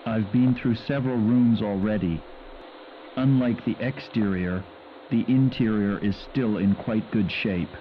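A man plays a male investigator narrating his diary in a low, toneless drone, each entry read with no emotion at all. The game audio comes through muffled, with a faint hiss underneath. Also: measured pace, close to an everyday voice. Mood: flat. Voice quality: flat, emotionless delivery. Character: male investigator, flat and sleepy-sounding diarist. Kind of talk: dubbed video game voice acting.

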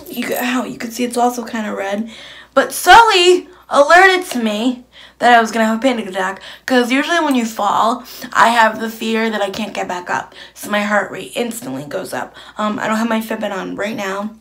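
A woman's voice: on the high side, fairly bright tone. A young woman vlogging to camera in a rambling, blunt, chatty way with lots of fillers. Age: young adult. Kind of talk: casual chat to camera.

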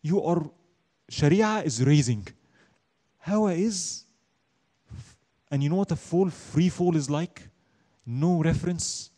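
A man teaching an Islamic studies class, lecturing emphatically, asking and answering his own questions and reciting Arabic verses quickly. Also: a little high, warm tone.

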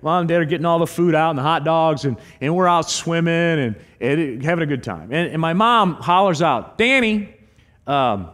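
With a fairly high voice, a middle-aged pastor preaches a little fast and with few pauses. His sermon in the church sanctuary features lively stories and acted quotes, echoing with long hall reverb.

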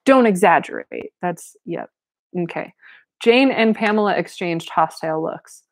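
A woman's voice: lowish voice, unhurried, no echo. A woman reading a novel aloud with casual commentary, breaking in with wry asides and frequent laughs. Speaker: reader and commentator.

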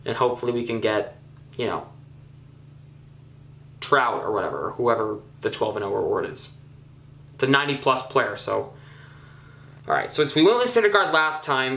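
A young man casually commenting on his own gameplay, chatty and excitable, scolding himself with frequent ums and uhs. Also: medium pitch, echoey room. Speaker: gaming YouTuber.

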